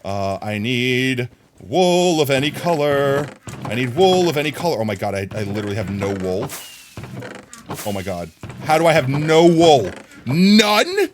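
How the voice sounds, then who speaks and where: Animated male game streamer. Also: medium pitch, unhurried, slight background noise. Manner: animated, ranting, jokey asides to chat. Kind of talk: live gameplay commentary.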